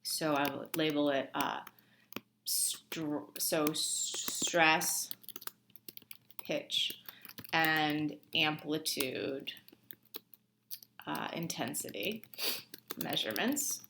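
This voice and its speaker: Brief: woman teacher, low and slow, halting and casual, screen-recorded lab walkthrough. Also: vocal fry, noisy background. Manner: hesitant, many ums and restarts; informal explaining to students. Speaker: instructor.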